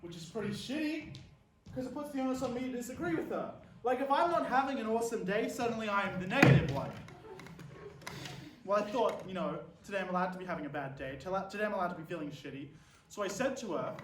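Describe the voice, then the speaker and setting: A man doing a stand-up comedy monologue, full of sardonic, dark deadpan humor. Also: sits high, a little fast, a little hiss or hum. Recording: roomy sound from a distant mic with faint ambience.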